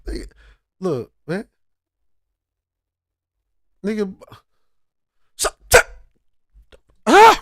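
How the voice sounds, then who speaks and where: A man's voice: sits high, wildly swooping pitch, very slow, long pauses, a bit bright, no echo, studio quality. A man giving casual reaction commentary as a channel host, heated and profane, often restarting his sentences.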